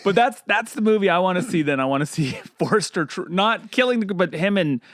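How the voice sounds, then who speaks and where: A man's voice: sits high, lively intonation, brisk, fairly bright tone, no echo, clean studio sound. Laid-back man telling crude jokes. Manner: crude, laughing, acts out scenes. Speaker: podcast co-host. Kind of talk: casual comedic movie chat.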